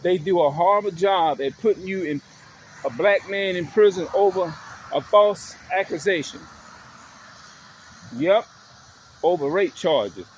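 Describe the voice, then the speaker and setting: A man's voice: high-pitched, a little slow, pauses often, a little hiss or hum. A man ranting in an emphatic, repetitive monologue to his viewers, swearing as he drives his points home. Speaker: vlogger.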